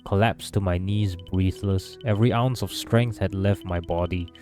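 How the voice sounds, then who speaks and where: A broken young fighter, voiced by a man reading a story game aloud, full of remorse and despair. The voice sits on the low side. Quiet game music plays underneath. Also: fairly even intonation, normal speed, natural voice.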